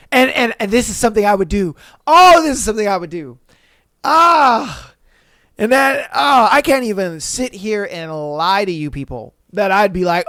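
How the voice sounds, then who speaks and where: A man's voice: sits high, animated, moderate pace, a bit bright, smooth, no echo, clean studio sound. A young man hosting a podcast, reacting to listener stories in a loose, slangy way, swearing and laughing often. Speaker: podcast host. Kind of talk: casual podcast commentary reading listener stories.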